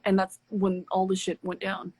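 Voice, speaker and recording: A woman hosting a live stream, telling a personal story in a candid, animated way with plenty of swearing. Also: medium pitch, normal speed, husky, no room sound. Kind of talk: casual storytelling chat. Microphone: phone on a live stream.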